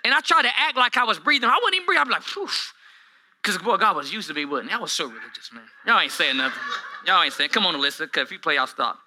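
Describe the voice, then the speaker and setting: A pastor in his forties delivers a sermon to a live congregation in a church hall, his very bright, high voice verging on sharp. He speaks quickly with big pitch swings, going from hushed asides to shouted peaks and telling humorous, self-deprecating stories. The recording is rough.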